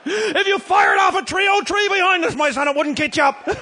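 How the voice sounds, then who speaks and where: Man, Newfoundland accent, comic tall-tale yarn, very high voice, lively, bright tone, live stage. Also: moderate pace, creaky, a little hiss or hum. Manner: rollicking, shouting and laughing through a yarn. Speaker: storyteller.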